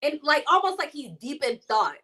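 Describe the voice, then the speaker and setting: A woman co-hosting a sports chat show, her voice bright and a little high. She rambles through her points in a relaxed, chatty way and laughs often along the way. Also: moderate pace. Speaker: sports talk show co-host.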